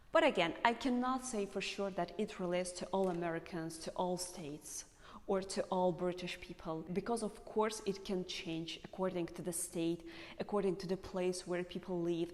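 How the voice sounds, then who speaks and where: Woman, lowish voice, English teacher, slow careful explanations, repeated example words, reverberant room. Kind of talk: explaining pronunciation to learners.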